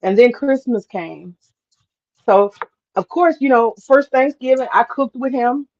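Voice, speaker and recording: A woman talking casually on a livestream, drawling and animated as she tells a story, with asides to herself. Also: fairly high pitch, a little slow, muffled recording. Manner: animated, drawling, swears casually, mutters to herself while cooking. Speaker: host.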